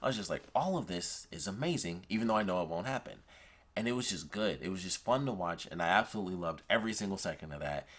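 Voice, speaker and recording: A man's voice: low voice, animated, rapid-fire, fairly bright tone. A man reviewing a TV episode in a casual, enthusiastic and rambling way, retelling scenes with lots of "like".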